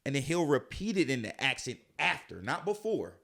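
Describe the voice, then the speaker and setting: A man's voice: mid-range voice, very animated, normal speed, vocal fry, fairly bright tone. Opinionated man co-hosting casual podcast. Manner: opinionated, restarts sentences, laughs often. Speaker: podcast co-host. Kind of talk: casual chat.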